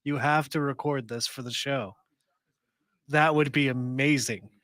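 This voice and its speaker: A man co-hosting a podcast in casual chat, jokey and excitable. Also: medium pitch, a little slow, no room sound. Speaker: podcast co-host.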